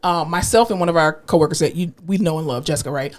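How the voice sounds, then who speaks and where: A woman co-hosting a podcast in casual chat, blunt and animated, swearing freely, with a slightly nasal speaking voice. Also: deep voice, fast. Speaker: podcast co-host.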